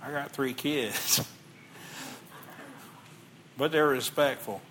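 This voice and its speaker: A man's voice: medium pitch, very slow, sharp tone, a little hiss or hum. A middle-aged man preaching a sermon in a conversational way, reading scripture aloud and asking the listeners questions. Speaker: pastor.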